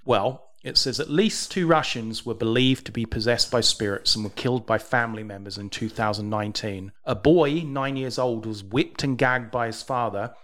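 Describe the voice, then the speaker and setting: A man's voice: medium pitch, normal speed, few pauses, fairly bright tone. A man hosting a podcast, chatting casually and reading out news stories with dry, wry humor. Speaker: podcast host.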